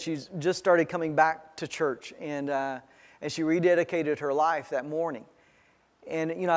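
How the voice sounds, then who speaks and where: A man with a high voice preaches in a church sanctuary, and the sound hangs in a long reverb. He tells a personal story as his sermon, halting often and restarting his phrases. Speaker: pastor.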